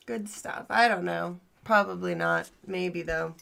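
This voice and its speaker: A woman's voice: fairly low pitch, unhurried, creaky, few pauses, very noisy. A woman hosting an improvised comedy livestream in a teasing, scolding manner, laughing often as she talks.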